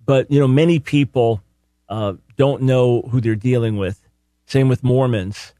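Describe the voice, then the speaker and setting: A man's voice: medium pitch, a little slow, warm tone, no room sound, clean studio sound. A man hosting a call-in radio show, talking earnestly and emphatically, often doubling words as he starts a thought.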